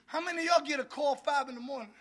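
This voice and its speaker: A man's voice: extremely high pitch, racing, a bit bright. A middle-aged man giving a fiery preaching-style talk at a recovery meeting, exhorting the room and breaking into laughter.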